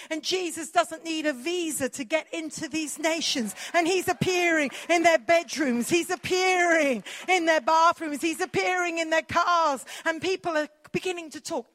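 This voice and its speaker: A woman's voice: very high-pitched, fairly bright tone. A woman preacher, delivering an emphatic sermon full of repetition.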